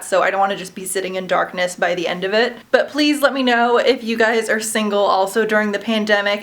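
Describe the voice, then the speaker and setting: A woman's voice: mid-range voice, fairly bright tone. A woman in her twenties vlogging at home in casual, candid chat, filling her talk with "you know" and "like" as she confesses her self-doubt. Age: 20s. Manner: chatty and candid, frequent fillers like "you know" and "like". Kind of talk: casual vlog chat to camera.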